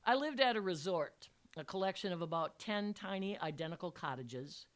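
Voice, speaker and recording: A woman's voice: lowish voice, lively intonation, normal speed. Older woman reading her memoir wryly. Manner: wry, dry storytelling. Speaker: retired teacher telling a memoir. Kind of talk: reading a personal story aloud.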